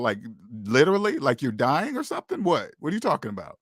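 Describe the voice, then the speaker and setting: A man's voice: a little high, wildly swooping pitch, fast, few pauses, dry recording, clean studio sound. A man hosting a finance channel, talking to viewers in a casual, emphatic monologue full of rhetorical questions and repeated "okay?".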